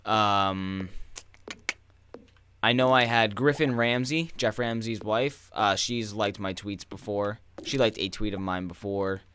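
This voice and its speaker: A young man giving crude, rambling gameplay commentary, breaking into loud excited yelling at times. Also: on the low side, slow pace, slight background noise. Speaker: gaming YouTuber.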